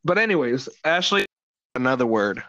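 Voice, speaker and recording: A man's voice: mid-range voice, big pitch swings, moderate pace, sharp tone, no echo. A young man hosting a podcast in casual chat, crude and jokey, swearing a lot. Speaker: podcast host. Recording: dull lo-fi sound, dry.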